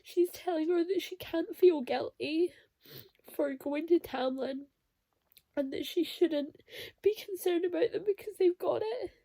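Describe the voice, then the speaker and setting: A woman's voice: very high-pitched, measured pace, warm tone, no echo. A young woman chatting through a reading vlog, reacting with emotional exclamations. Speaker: book vlogger.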